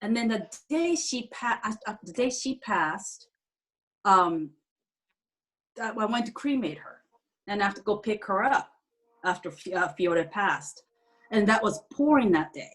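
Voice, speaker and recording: Halting woman telling a personal story. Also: mid-range voice, animated, a bit bright. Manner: halting, restarts sentences, non-standard grammar. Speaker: group participant sharing a story.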